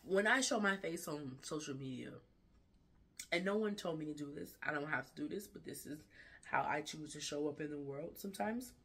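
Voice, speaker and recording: Woman, low pitch, crisp bright tone, candid vlog, earnest, emotional. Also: moderate pace. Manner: earnest, emotional and frank, with repeated restarts. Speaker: fashion vlogger and designer. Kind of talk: candid personal life-update vlog. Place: indoors at night.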